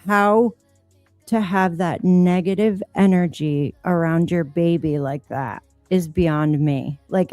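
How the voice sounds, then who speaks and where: A woman's voice: fairly low pitch, warm tone, no room sound. A woman co-hosting a casual live stream, talking bluntly and swearing freely. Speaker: co-host.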